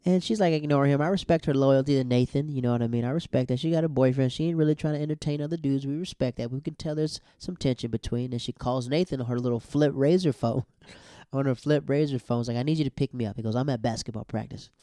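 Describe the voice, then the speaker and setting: Mellow-voiced young man, chatty recap, acts out lines, dry close recording, animated delivery. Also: mid-range voice, fast, clear, resonant tone, no echo. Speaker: show recap host. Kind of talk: casual TV episode recap.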